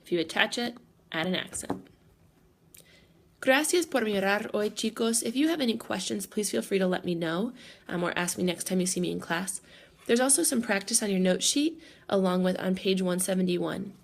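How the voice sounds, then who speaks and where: A woman's voice: mid-range voice, expressive, normal speed, vocal fry. A woman teacher explaining grammar patiently, step by step, in a recorded lesson. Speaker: Spanish teacher.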